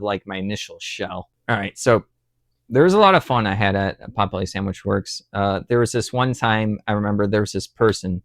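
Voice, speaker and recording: A young man hosting his channel, casually telling a rambling personal story, with lots of fillers and restarts, lifting his voice high and loud when he acts out what he said. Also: dry recording, studio quality. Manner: animated, acts out quotes with rising voice. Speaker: channel host.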